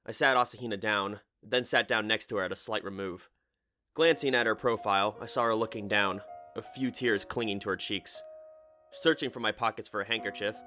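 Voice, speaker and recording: A man narrating a light novel audiobook in a dry, sardonic, measured way. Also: fairly low pitch, pushed and bright.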